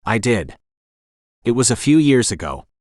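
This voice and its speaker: A man voicing a serious older small-town doctor with a slight Spanish accent, asking measured questions. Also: mid-range voice, very animated, a little mellow, no echo, studio quality.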